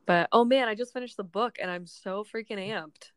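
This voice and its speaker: A woman's voice: medium pitch, moderate pace, fairly bright tone, no room sound. A young woman co-hosting a casual book chat, rambling and laughing often, her voice just recovering from being sick. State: voice recovering after illness. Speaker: podcast co-host.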